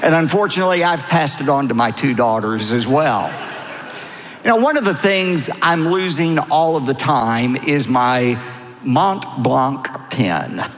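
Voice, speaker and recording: A middle-aged male pastor preaching a sermon in a church, animated and acting out voices when he quotes. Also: medium pitch, a little slow. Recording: long hall reverb.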